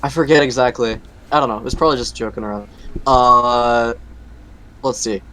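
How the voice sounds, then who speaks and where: A man's voice: medium pitch, steady tone, moderate pace, pushed and bright, rough recording. Man co-hosting a casual podcast. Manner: laughs often, trails off and restarts. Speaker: podcast co-host. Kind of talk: casual chat.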